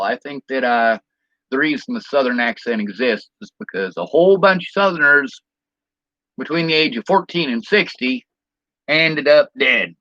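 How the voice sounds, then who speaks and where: A man's voice: mid-range voice, animated, normal speed, sharp tone, dry recording. Bitter man ranting on a dull, lo-fi recording. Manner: bitter, swearing, indignant. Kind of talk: angry personal vlog rant.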